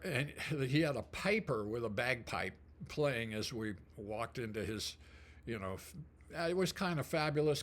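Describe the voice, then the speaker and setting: An older man telling a personal memory in a casual, rambling way, full of fillers and throat clearing. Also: medium pitch. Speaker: storyteller. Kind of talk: casual storytelling.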